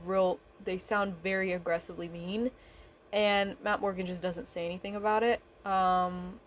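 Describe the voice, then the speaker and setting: A woman's voice: medium pitch, little pitch movement, normal speed. A young woman vlogger chatting casually over painting footage, rambling and swearing, with lots of fillers.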